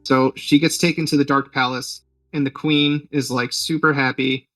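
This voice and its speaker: A man's voice: medium pitch, fairly even intonation, moderate pace, fairly bright tone, no room sound, far from the mic, poor audio. A man hosting a podcast, retelling a film's plot in a rambling, joking way with lots of fillers. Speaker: podcast host. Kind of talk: casual movie recap.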